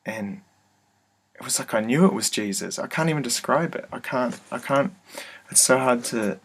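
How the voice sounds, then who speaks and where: A man telling a personal story to his webcam in an office, hesitant and soft-spoken, full of fillers and restarts. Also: mid-range voice, moderate pace. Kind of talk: casual first-person testimony. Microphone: computer webcam mic.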